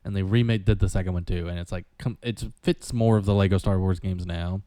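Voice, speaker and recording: A man's voice: sits low, steady tone, brisk, warm tone, no echo. A young man, casually chatting and rambling through stories as a podcast co-host. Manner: laid-back, rambling storyteller. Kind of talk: casual chat.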